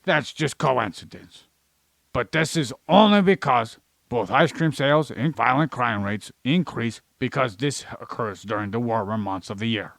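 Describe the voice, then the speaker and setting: A man with a gravelly, creaky voice holds forth in a comedic podcast chat, swearing freely as he rants and lectures. His voice sits in an ordinary middle range. The sound is dry and close, with no room around it. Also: medium pitch, animated, moderate pace, a bit bright, dry recording. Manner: profane, ranting, lecturing; plays an alien persona in an ordinary voice. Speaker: podcast co-host. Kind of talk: rambling comedic science chat.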